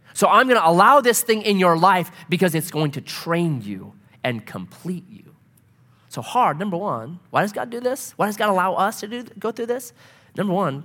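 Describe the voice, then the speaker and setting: A middle-aged man preaching a sermon, telling stories in an animated way and swinging from loud to soft. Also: a little high. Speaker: pastor. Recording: long hall reverb.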